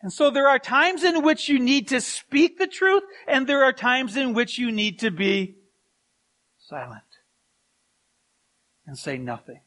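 A man's voice: very high voice, animated, measured pace, long pauses, fairly bright tone. A middle-aged man, a pastor, preaching a sermon and telling stories with chuckles and asides.

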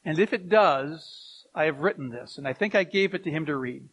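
A man's voice: a little high, lively intonation, normal speed, fairly bright tone, husky. A middle-aged man, a pastor, preaching a sermon and telling stories with chuckles and asides.

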